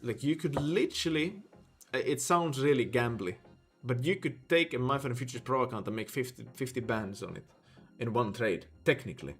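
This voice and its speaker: A man's voice: medium pitch, animated, fairly quick, hardly any pauses, breathy edge, faint music behind. A man from Sweden with a Swedish accent, chatting casually on a live stream, rambling with lots of fillers as he thinks aloud. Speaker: livestreamer.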